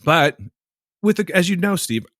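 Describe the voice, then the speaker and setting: A man with a high-sitting voice co-hosts a podcast, speaking at normal speed as he tells a story casually and with exasperation, swearing a lot and staying animated. It's studio quality with no room sound.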